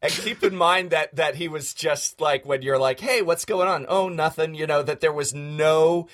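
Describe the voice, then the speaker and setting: A man in casual chat, playfully embarrassed and expressive. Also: fairly high pitch, normal speed. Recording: noisy crowd behind.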